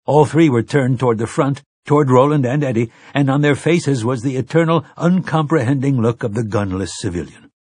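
A man reading an audiobook aloud, telling the story in a measured, dramatic way. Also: medium pitch, darkish tone, husky, dry recording, clean studio sound. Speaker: audiobook narrator. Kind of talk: scripted narration.

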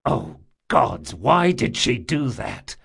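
Big quiet male thief, low and measured, read by a man in an audiobook. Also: sing-song, vocal fry, husky, full character voice. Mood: dismayed.

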